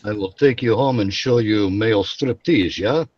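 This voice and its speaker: A man voicing a leering Russian immigrant chasing women, in a put-on Russian accent with a husky voice. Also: on the low side, moderate pace, darkish tone, no room sound. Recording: dull lo-fi stream audio.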